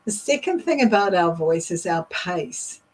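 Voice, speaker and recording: A middle-aged woman speaks as a leadership coach. Her voice is slightly husky and sits a little low, and she talks slowly. She explains step by step, with the odd "um" along the way. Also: expressive, rough recording. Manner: slow, measured and explanatory, with frequent fillers. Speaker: leadership coach and podcast host. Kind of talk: instructional talk.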